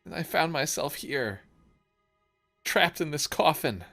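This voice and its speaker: A woman voicing a grief-stricken pirate's mother who pleads in a high, tearful voice. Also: expressive, slow, vocal fry, a bit bright, faint music behind, exaggerated voice. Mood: tearful pleading.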